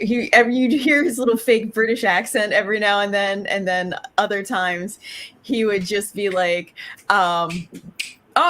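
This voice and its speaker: A woman's voice: mid-range voice, a bit bright. A woman co-hosting a podcast, chatting casually about a film with many fillers and restarts. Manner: rambling, heavy use of "like" and "um". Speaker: podcast co-host. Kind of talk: casual movie review chat.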